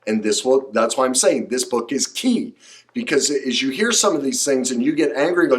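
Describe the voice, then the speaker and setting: Talking fairly quickly in a mid-range voice, a middle-aged podcast host carries a solo show by himself with passion and emphasis. At times he turns preachy, and his delivery swells into excited bursts.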